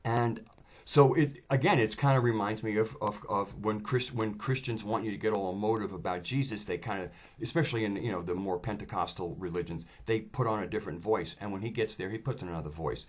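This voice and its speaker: A man with a fairly low voice talks through a casual video monologue. He meanders from thought to thought, stalls on fillers and restarts, and trails off when he searches for a word. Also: fairly quick. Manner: rambling and hesitant, with many fillers. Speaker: video host.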